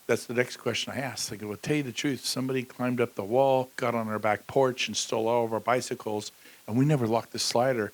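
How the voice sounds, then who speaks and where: A middle-aged man giving a motivational talk on a conference stage, blunt and joking, with sudden loud bursts. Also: mid-range voice, fairly even intonation, brisk, low-quality recording. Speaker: keynote speaker.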